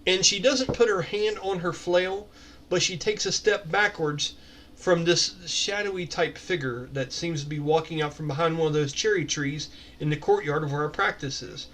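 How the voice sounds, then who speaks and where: A man running a tabletop game from home, his voice sitting slightly higher than most men's. He narrates in a chatty way, full of "um" and "so" as he leads the players. A faint hiss stays under his voice throughout. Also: normal speed, fairly bright tone. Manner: chatty, filler-heavy narration. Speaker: game master.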